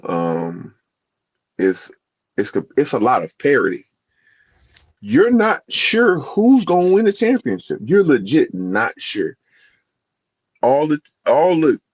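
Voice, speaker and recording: A man's voice: mid-range voice, big pitch swings, slow, long pauses, a little mellow, no room sound. A man in a casual podcast chat with a mid-range voice, rambling and restarting his sentences as he hunts for words. The sound is a little muffled and lo-fi, and very dry. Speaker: podcast co-host.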